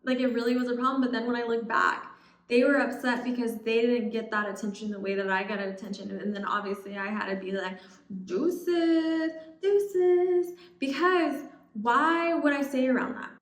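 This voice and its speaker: A young adult woman vlogging casual advice, chatty and expressive, acting out what other people say. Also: a little high, fast. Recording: echoey room.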